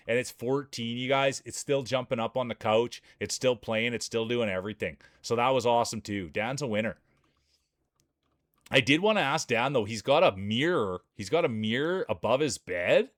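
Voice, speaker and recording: A man calls a marble race live on stream in an energetic, joking hype-man manner. His voice is of middling pitch and sounds dry and close, with hardly any room sound. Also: normal speed, no room sound.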